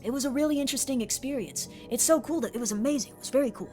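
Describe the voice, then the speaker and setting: An excitable woman streamer chatting with her audience, her voice sitting fairly high. She rattles on eagerly, reading out viewer messages, with faint music playing beneath her. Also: very fast. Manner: chatty, excitable, reads chat aloud. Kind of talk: live stream chat.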